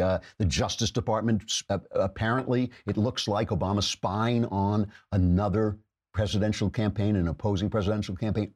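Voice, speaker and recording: A man's voice: lowish voice, darkish tone. A man hosting his podcast, delivering a sarcastic, mocking political commentary monologue. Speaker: podcast host.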